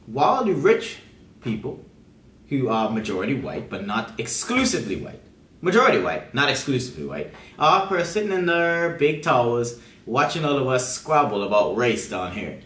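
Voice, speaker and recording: A man's voice: mid-range voice, big pitch swings, normal speed, a bit bright. A man co-hosting a casual political discussion, pressing his points emphatically and repeating words. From Bermuda. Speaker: co-host. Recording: roomy, from a distance from the mic.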